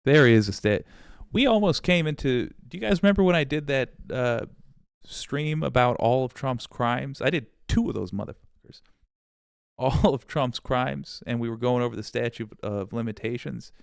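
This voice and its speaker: A man hosts a political livestream, casually reading out viewer comments. He rambles and is sarcastic, swearing freely and laughing often. His medium-pitched voice is smooth with vocal fry, recorded dry at studio quality.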